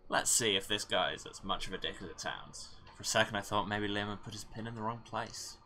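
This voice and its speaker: A man's voice: fairly low pitch, fairly quick, bright, forceful tone. A man hosting a let's play, reading a narrative game aloud with wry, sarcastic asides. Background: game music.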